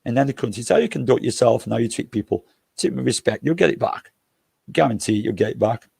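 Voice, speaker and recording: An older man talks in a gravelly, mid-pitched voice, spinning loose, jokey travel stories peppered with swearing. The sound is dry and close, with no room behind him. He rambles casually, circling back on his own points. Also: lively intonation, fast, darkish tone, no room sound. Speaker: livestream host.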